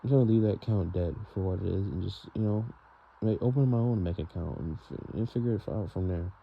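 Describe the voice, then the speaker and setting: A man's voice: low-pitched, brisk, vocal fry. A young man venting in a rambling, frustrated vlog monologue, full of fillers and "bro". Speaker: vlogger. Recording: dull lo-fi sound with faint noise.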